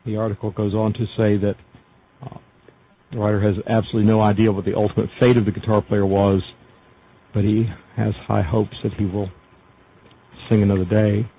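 A man's voice: fairly low pitch, little pitch movement, fairly quick, pauses often, a little hiss or hum. A man hosting a casual news show, reading articles aloud with many fillers and asides. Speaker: podcast news host. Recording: dull lo-fi audio.

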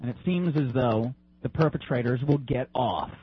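A man's voice: mid-range voice, normal speed, slightly rough. A man reading a news article aloud on a live stream, then breaking off to comment loosely with restarts. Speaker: online show host. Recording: dull lo-fi stream audio.

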